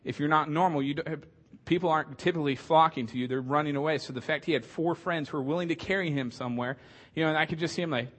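A male pastor with a fairly high voice preaches in a loose, conversational way. He jokes often and fills his sentences with ums and restarts. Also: quick pace, a bit bright. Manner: conversational, joking, many fillers. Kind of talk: casual sermon.

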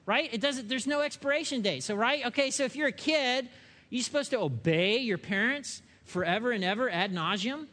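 A man with a high, light voice preaches in a chatty, conversational way, often pausing to ask the room "okay?" His words ring out with a long reverb, as if in a large sanctuary. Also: animated, sharp tone. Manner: conversational, with frequent rhetorical check-ins and asides. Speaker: pastor. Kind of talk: sermon.

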